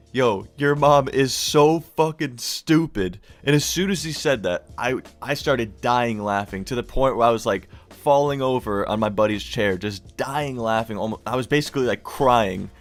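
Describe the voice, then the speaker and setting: A man's voice: medium pitch, normal speed, few pauses, soft background music. A young man telling a storytime in a loose, casual way, with plenty of swearing and stoner slang. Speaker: vlogger.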